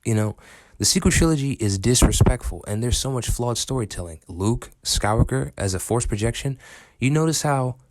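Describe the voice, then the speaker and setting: A man's voice: mid-range voice, animated, normal speed, a little mellow, no room sound. A man ranting in an angry, profane and sarcastic way in a commentary video. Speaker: film commentary vlogger.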